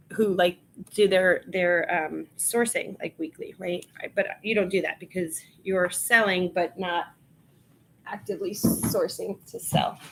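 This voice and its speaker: A woman's voice: mid-range voice, a bit bright, slight background noise. Chatty woman streaming from Long Island. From Long Island, New York. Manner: chatty, laughs often, talks to viewers, reads out item details. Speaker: reseller livestream host. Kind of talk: casual livestream chat while processing inventory.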